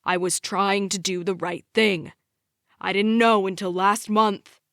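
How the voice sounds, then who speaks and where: A woman reading an angry, yelling father. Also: medium pitch, fairly even intonation, normal speed, dry recording, clean studio sound, lightly acted. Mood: defensive. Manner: yelling, harsh, accusing. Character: middle-aged father, angry and bitter. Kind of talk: audiobook character voice.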